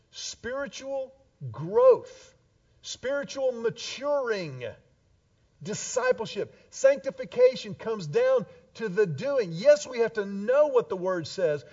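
An animated middle-aged male pastor with a high, lively voice, swinging between loud points and hushed asides as he acts out quoted voices. He is picked up from a distance on a dull, muffled recording. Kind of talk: sermon.

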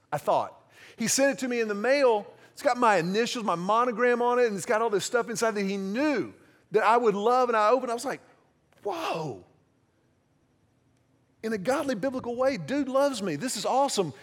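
A man preaching a sermon in a conversational, self-deprecating way, acting out little quoted exchanges. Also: high voice. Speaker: pastor.

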